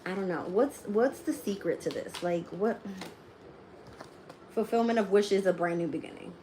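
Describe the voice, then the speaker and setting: A woman's voice: medium pitch, moderate pace, warm tone. Woman tarot reader, blunt and foul-mouthed, mid-range voice, faint hiss behind. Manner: profane, blunt and emphatic; laughs often while talking. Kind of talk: casual live-stream rant.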